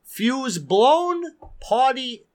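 A man with a New York accent, a guest DJ telling a lively story in casual chat. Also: very high voice, drawn-out words, a little hiss or hum. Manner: animated, swears, acts out quotes.

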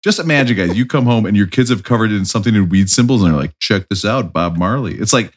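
A man's voice: fairly low pitch, rapid-fire, husky. Guy hosting a podcast, joking around, voice bounces up and down a lot. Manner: joking, animated storyteller. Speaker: podcast host. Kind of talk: casual chat.

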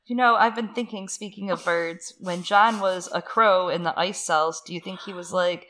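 A woman's voice: on the low side, fairly even intonation, normal speed, few pauses, a bit bright. A young woman co-hosting a podcast who chats casually and retells story events in a playful, chatty way. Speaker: podcast co-host.

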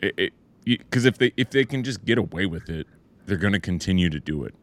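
Low-voiced man in easy chat. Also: fast talker. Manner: relaxed, reflective, frequent "like" and "you know". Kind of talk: casual chat.

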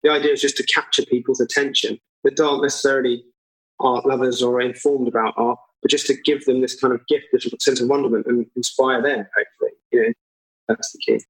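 Relaxed man chatting about art projects. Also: medium pitch, fast, low-quality recording. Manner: laid-back, chuckles, jumps in with asides. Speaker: artist guest. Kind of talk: casual podcast conversation.

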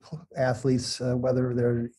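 A man asking an interview question in a halting, measured way with fillers. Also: medium pitch, monotone, warm tone, slight background noise.

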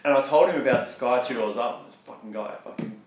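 A man rattles through stories quickly in a casual podcast, swearing freely and getting animated when he quotes people. His voice rings out in a very echoey room over faint hiss. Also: medium pitch. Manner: swears a lot, animated when quoting others. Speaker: podcast co-host. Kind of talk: casual storytelling chat.

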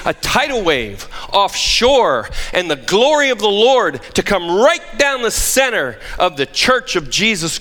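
This man's voice sits high, sounding pushed and bright. He's a pastor preaching a sermon in a church sanctuary, emphatic and dropping joking asides, with the long reverb of a large hall around him.

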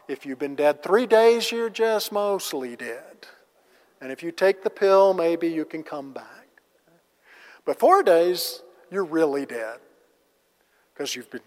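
Man, Bible class teacher, fairly high voice, casual, rhetorical questions, long hall reverb. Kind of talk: conversational Bible lesson.

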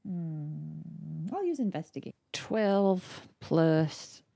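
A woman's voice: low voice, expressive, very slow, vocal fry, dark tone. A woman playing a tabletop game, hesitant and thinking aloud. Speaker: player. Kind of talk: tabletop game play, casual.

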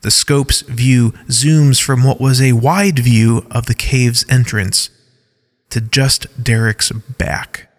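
Slow, measured male story narrator. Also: medium pitch, steady tone, big-room sound. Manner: measured, reads stage directions aloud. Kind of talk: scripted story narration with scene headings.

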